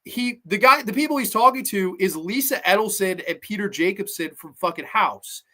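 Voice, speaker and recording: A man hosting a podcast, chatting casually about a film in a rambling, excitable way and swearing often. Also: sits high, moderate pace. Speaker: podcast host. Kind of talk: casual movie review chat.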